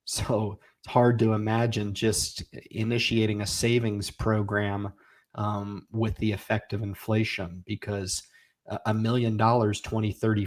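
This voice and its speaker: Running a laid-back livestream, a man in his forties with a fairly low voice works through viewer comments. His encouragement comes across as lively and down-home.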